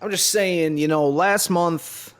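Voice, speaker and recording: A man's voice: sits high, slow pace, pitched above the performer's own voice. A man putting on a swaggering, mock-tough New York accent as a mustached Brooklyn beer guy in a podcast comedy bit. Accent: New York, put on.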